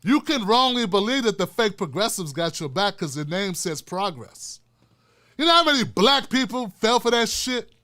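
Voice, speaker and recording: A man's voice: high-pitched, sing-song, moderate pace, pushed and bright. An older man hosting a profane, fiery political rant with a preacher-like cadence. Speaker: political commentator host. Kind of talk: ranting political commentary.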